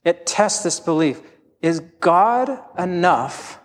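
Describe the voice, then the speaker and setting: Pastor guy preaching, kinda high voice, honest and self-deprecating, echoey church hall. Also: slow pace. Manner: candid, self-deprecating, animated storytelling. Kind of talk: sermon.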